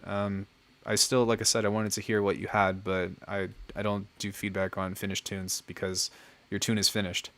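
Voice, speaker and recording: Somewhat low and a bit bright, this young man's voice belongs to a music producer streaming feedback. Chatting casually on his livestream, he gives friendly feedback on music, peppered with lots of fillers.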